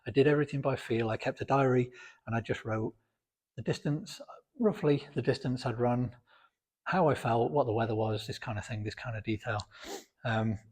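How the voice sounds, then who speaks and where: A man's voice: mid-range voice, a little mellow. A British man with a sore throat, talking bluntly and chattily to camera from his home gym. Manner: blunt, outspoken, chatty with many fillers. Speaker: fitness vlogger. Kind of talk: casual talk to camera.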